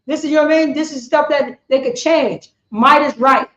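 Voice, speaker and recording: A man's voice: very high voice, a little fast, fairly bright tone. A man giving rambling scripture teaching, constantly asking "you know what I'm saying". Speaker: religious teacher. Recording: echoey room, dull lo-fi sound.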